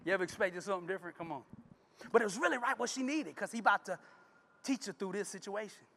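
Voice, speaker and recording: A man's voice: high-pitched, fast, gravelly, bright, forceful tone. A man giving a motivational keynote in a preacher-like style, emphatic and calling out to the crowd for responses. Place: large conference hall. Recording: long reverb of a conference hall.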